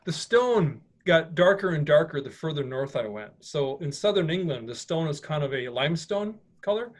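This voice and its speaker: A man with a fairly high voice presents a slideshow to a live audience. He talks in a chatty, rambling way and restarts his sentences often. He is recorded in a meeting room. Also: big pitch swings, moderate pace. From United States. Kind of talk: informal slideshow talk.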